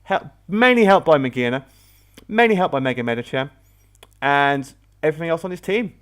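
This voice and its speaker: A man's voice: a little high, lively intonation, fairly quick. A man hosting a casual battle commentary video, rambling and often correcting himself mid-sentence. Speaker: host.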